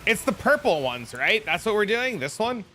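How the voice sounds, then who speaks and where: A man's voice: high-pitched, sing-song, moderate pace, background noise. A man streaming a game and chatting casually, telling stories and mimicking his chat in repeated, raised voices.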